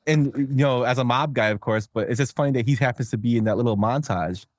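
A man's voice: mid-range voice, fast, no echo, clean studio sound. A man hosting a podcast, chatting casually and rambling with filler words. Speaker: podcast host. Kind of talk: casual chat.

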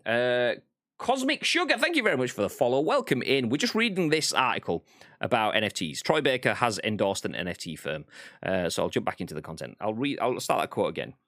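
A man's voice: medium pitch, sing-song, brisk, a bit bright, no room sound, clean studio sound. A British man hosting a gaming news podcast, reading articles aloud and reacting bluntly. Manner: blunt, exasperated commentary. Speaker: podcast host.

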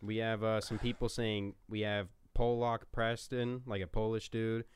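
A man's voice: lowish voice, flat delivery, a little slow, clean tone. A man acting as the producer of a casual podcast, reading listener chat suggestions aloud with playful mock authority. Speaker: show producer.

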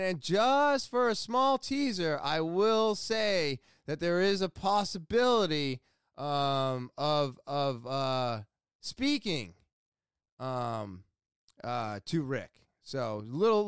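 A man's voice: fairly high pitch, lively intonation, takes it slowly, fairly bright tone, clear, resonant tone, no room sound, studio quality. A young man telling everyday stories in a loose, profane, ranting monologue, with plenty of fillers and restarts. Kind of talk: casual monologue.

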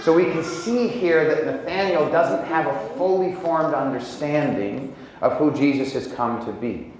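Conversational pastor in an echoey church. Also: male voice, fairly high pitch, unhurried, darkish tone, slight background noise. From Indiana, USA. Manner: conversational and humorous, with acted quotes. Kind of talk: sermon.

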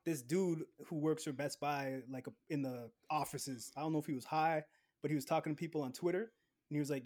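Man, high voice, animated storyteller, laughs a lot, casual chat. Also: brisk. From Canada.

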